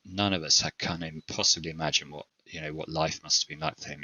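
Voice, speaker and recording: A man's voice: low voice, sharp tone, no echo, poor audio. An Englishman with a British accent, a modest and understated guest in a casual interview. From England. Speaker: guest voice actor.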